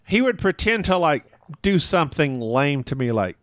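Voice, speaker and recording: A man's voice: a little high, sing-song, normal speed, a bit bright, no room sound, clean studio sound. A man appearing as a podcast guest who tells stories in a loose, chatty way, laughing often mid-sentence and poking fun at himself. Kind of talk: casual conversational storytelling.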